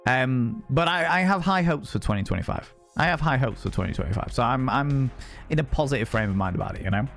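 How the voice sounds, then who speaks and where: A man's voice: mid-range voice, lively intonation, quick pace, gravelly, soft background music. Chatty man greeting his viewers. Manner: chatty, rambling, swears freely, greets viewers warmly by name. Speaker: streamer reading chat. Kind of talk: casual chat.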